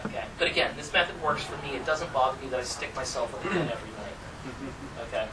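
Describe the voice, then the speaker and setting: A man's voice: medium pitch, fast. A man giving a casual, chatty talk to a room about performing magic, laughing at his own stories. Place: room with an audience. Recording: distant mic with background noise.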